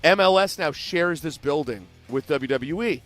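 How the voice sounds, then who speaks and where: A man co-hosting a sports radio show, telling a rambling story in an excitable, casual way. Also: fairly high pitch, normal speed, soft background music. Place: radio studio.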